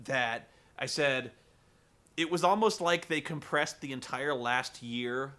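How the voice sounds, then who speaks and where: A man casually recapping a wrestling show, animated and joking, swearing freely. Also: mid-range voice, slow pace. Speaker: podcast host recapping wrestling. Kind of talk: casual chat.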